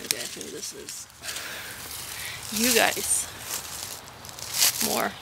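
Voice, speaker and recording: A woman's voice: mid-range voice, expressive, takes it slowly, gravelly. A woman vlogging casually while walking in a park, chatty and exasperated as she rants. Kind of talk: casual outdoor vlog. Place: outdoors in a park. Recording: outdoor noise. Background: birds and outdoor ambience.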